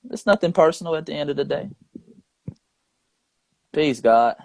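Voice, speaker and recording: A man's voice: fairly high pitch, normal speed, gravelly, a little mellow, dry recording. A man hosting a live stream, talking in an emphatic, repetitive and rhetorical way. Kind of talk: casual live stream talk.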